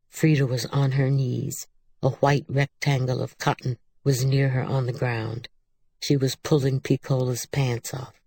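Low-key and unhurried, a woman reads a novel aloud at a slow, deliberate pace. Her voice carries a gravelly texture, and the recording is close and dry with no room sound. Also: a little mellow, no echo. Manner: measured, unhurried reading. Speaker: audiobook narrator. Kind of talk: literary audiobook narration.

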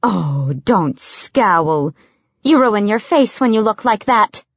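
A woman's voice: mid-range voice, expressive, slow, no echo, muffled recording, voice pushed up. A woman reading as a fussy older servant woman. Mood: fussy, scolding. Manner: scolding, fussy.

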